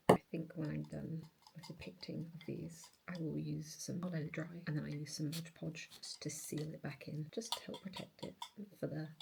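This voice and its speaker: A woman's voice: deep voice, vocal fry, heavy background noise. A young woman, chatting casually through her week in a vlog while she crafts and sorts her collections. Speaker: vlogger.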